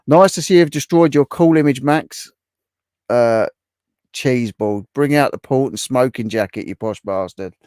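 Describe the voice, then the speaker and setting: A middle-aged Englishman chats away on his livestream, reading out and answering viewers' comments as he goes. His voice sits at an ordinary pitch and sounds close and dry, with no room around it. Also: measured pace, darkish tone, smooth, dry recording. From England. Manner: chatty, reacting to viewer comments. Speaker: livestream host. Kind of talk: casual live chat.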